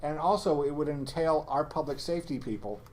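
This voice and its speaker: A man at a town board meeting, laying out figures in a halting, thinking-aloud way. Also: a little high, a little mellow, a little hiss or hum. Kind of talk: municipal board meeting discussion.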